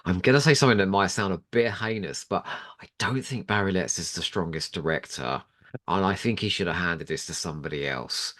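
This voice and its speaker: A man on a podcast panel, talking in a lively, playful way and laughing easily during casual chat. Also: sits low, fairly quick.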